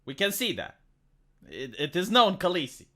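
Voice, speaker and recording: A woman's voice: fairly low pitch, normal speed. A woman from Romania giving dry, mocking reaction commentary on a viral video. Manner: dry, mocking, deadpan asides. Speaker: commentary YouTuber.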